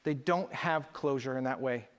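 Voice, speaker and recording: In an echoey recording from a large conference hall, a middle-aged man gives a live keynote at mid-range pitch and normal speed. His style is rhetorical and emphatic as he works the audience.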